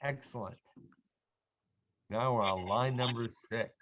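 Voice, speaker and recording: Patient, slow-speaking male Hebrew teacher. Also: medium pitch, a bit bright, dull audio, a little hiss or hum. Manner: slow, patient, sounding out words for learners to repeat. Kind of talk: online adult language lesson.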